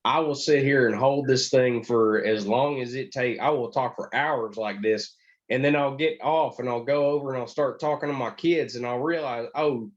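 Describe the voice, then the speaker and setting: A man's voice: mid-range voice, normal speed, highs cut off. A man co-hosting a casual podcast, wry and laid-back in his banter. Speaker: podcast co-host. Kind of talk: casual chat.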